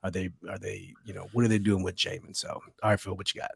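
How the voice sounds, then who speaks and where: A man's voice: low voice, little pitch movement, fast talker, creaky, a bit bright, husky, no room sound. A man hosting a sports podcast, chiming in with agreement and reading names from the live chat. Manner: affirming, reads out chat names. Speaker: podcast host. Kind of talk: casual sports talk.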